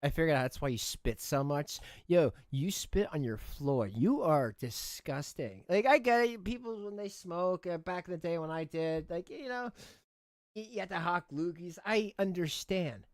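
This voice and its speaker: A man's voice: on the high side, expressive, moderate pace, dry recording, studio quality. A man hosting a livestream, ranting and mocking in an indignant, rambling way with many restarts. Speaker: livestream host.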